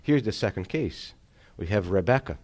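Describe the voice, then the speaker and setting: A man's voice: on the low side, animated, normal speed, a little mellow. A male pastor delivering a sermon, preaching emphatically and calling on the congregation for amens.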